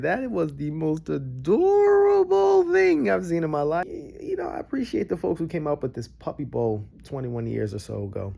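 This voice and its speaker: A young adult man, giving casual reaction commentary that swings from low grumbles to excited bursts. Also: vocal fry, husky. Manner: animated, jumps between low grumbles and high excited bursts. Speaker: vlogger reacting to a broadcast.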